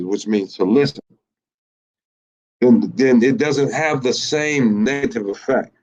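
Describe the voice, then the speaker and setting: A man, teaching in a sermon style, halting and repeating himself, with many fillers and rhetorical questions. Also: mid-range voice, darkish tone. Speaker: teacher of a religious group. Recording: muffled lo-fi recording.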